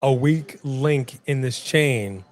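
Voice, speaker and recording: A man's voice: mid-range voice, slow pace. A man co-hosting a wrestling watch-along stream, chatting casually and calling out to the live chat. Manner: chatty, animated, addresses the chat.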